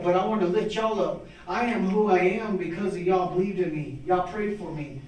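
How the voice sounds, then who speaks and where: A man's voice: high-pitched, normal speed, hardly any pauses, darkish tone. Fervent man preaching in echoing chamber. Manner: fervent, preacherly, repeating phrases. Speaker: honored community volunteer. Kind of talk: impromptu testimony speech. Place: city hall council chamber. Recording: echoey chamber from far off.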